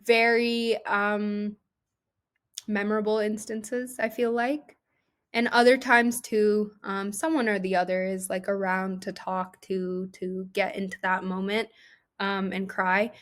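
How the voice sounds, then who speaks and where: A young adult woman, an actress guest in a casual interview, talking chattily with many "like"s and "um"s. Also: mid-range voice. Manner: chatty, heavy use of "like" and "um".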